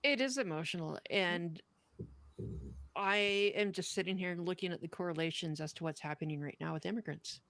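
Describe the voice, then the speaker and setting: A woman's voice: lowish voice, moderate pace, a bit bright, no room sound. A woman co-hosting a podcast, reading a poem aloud and then chatting bluntly and earnestly. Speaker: podcast co-host.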